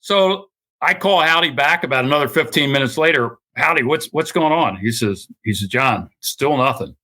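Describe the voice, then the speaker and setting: A man's voice: medium pitch, expressive, normal speed, sharp tone. An older man, a guest author, telling anecdotes in an interview, acting out what others said and laughing often. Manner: anecdotal, acts out quoted voices, laughs often. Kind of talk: storytelling interview.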